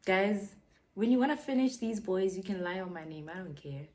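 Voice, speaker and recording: A young South African woman with a South African accent, telling a gossipy story in a casual vlog and dropping into hushed whispers now and then. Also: mid-range voice, animated, normal speed. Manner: gossipy, drops to hushed whispers, mixes English with Setswana. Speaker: YouTuber.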